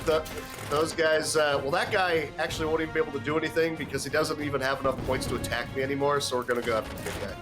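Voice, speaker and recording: A man with a slightly high voice walks through a video game as he plays, talking casually and restarting his sentences often. Game music plays clearly behind him. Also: fairly even intonation, very fast. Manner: explains game mechanics with frequent restarts and chuckles. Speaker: game player.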